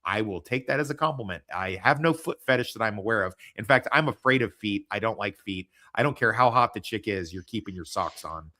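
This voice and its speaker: Brief: American male podcast host, bright forceful voice, crude jokey banter. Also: lowish voice, expressive, fairly quick, few pauses. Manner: loud, profane, joking. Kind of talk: casual chat.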